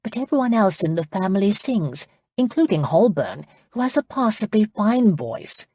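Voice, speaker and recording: A woman's voice: mid-range voice, big pitch swings, moderate pace, warm tone, husky, no room sound, studio quality, pitched above the performer's own voice. A woman playing a blunt, teasing English lady. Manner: teasing, outspoken. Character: lively, blunt English noblewoman in the country.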